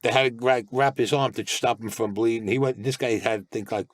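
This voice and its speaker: A man's voice: medium pitch, fairly even intonation, brisk, dry recording. An older man, a guest telling blunt, streetwise stories full of profanity. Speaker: interview guest. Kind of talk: casual storytelling.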